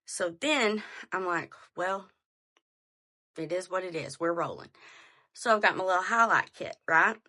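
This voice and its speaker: A woman, hosting a podcast and telling a story in a casual, animated way. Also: on the low side, a little slow. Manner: animated, chatty, addresses listeners as y'all. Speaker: podcast host.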